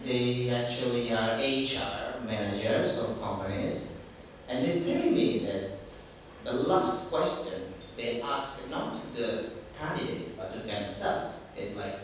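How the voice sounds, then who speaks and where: A man speaking to students at a university session, giving animated, emphatic advice on job interviews and acting out what an employer thinks. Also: mid-range voice, a little slow, a little hiss or hum. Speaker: career workshop speaker. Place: large university room. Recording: echoey room heard from far off.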